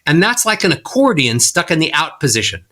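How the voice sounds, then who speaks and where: Animated man swooping his pitch. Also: a little fast. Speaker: voice coach guest. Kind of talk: podcast interview, demonstrating tips.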